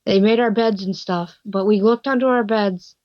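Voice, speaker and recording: Woman, podcast guest, mid voice, casual and animated storyteller, dull dry lo-fi audio. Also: mid-range voice, normal speed, no echo. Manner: animated, swears freely, laughs while telling.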